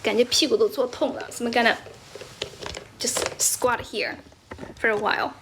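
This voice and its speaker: A young woman from China chats casually on a livestream, switching between English and Chinese. Her voice sits a little high. She laughs often and keeps thanking viewers for their gifts. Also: steady tone, normal speed, noisy background. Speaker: livestream host. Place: indoors, squatting while streaming.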